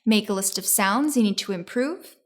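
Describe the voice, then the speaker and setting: A woman giving a scripted pronunciation lesson, explaining step by step in a clear, encouraging way. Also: mid-range voice, moderate pace. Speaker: English teacher.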